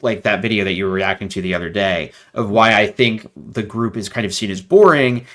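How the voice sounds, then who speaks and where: A man talking as a guest in a casual interview over a video call, animated and rambling with lots of fillers. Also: on the low side, a little fast.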